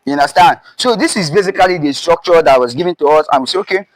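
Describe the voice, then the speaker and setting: A man's voice: a little high, fast, no echo, low-quality recording. A male chemistry teacher with a Nigerian accent, lecturing at a board, repeating terms and prompting with "what" and "right?". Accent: Nigerian English. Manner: repetitive, emphatic drilling of terms.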